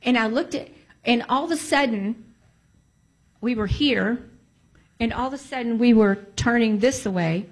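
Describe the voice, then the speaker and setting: Woman telling a story from her life, animated, keeps repeating stuff for emphasis, some prayerful bits. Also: fairly high pitch, measured pace, pauses often. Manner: animated, breaks into prayerful exclamations. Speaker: storyteller sharing a personal testimony. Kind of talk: casual spoken storytelling.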